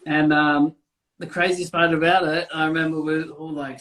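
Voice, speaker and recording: Male tattoo artist, higher-pitched, rambling casual storyteller. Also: little pitch movement, a little fast, fairly bright tone. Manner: rambling, swearing, many fillers. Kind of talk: casual chat.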